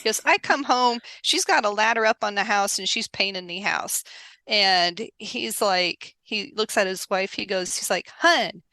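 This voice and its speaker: Woman guest telling stories, lively and laughing, bright tone, dry room. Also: medium pitch, moderate pace, no room sound. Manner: animated, laughs often, acts out quoted people. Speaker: podcast guest. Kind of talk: casual storytelling interview.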